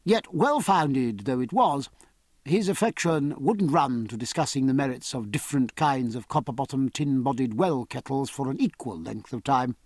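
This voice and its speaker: Male audiobook narrator, husky, lively pitch, dry close recording. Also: dry recording. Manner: measured, expressive storytelling with varied character voices. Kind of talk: scripted narration.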